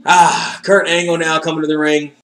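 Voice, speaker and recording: A man's voice: on the high side, little pitch movement, moderate pace, fairly bright tone, roomy sound. A man casually reacting to old wrestling footage, sarcastic and joking, swearing freely. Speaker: commentator watching wrestling footage.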